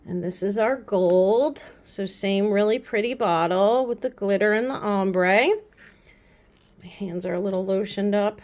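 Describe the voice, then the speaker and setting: A woman vlogger chatting casually to the camera, gushing and rambling with quick asides. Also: mid-range voice, a little mellow. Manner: chatty and gushing, repeats "pretty" often. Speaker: beauty vlogger. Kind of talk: casual haul chat to camera.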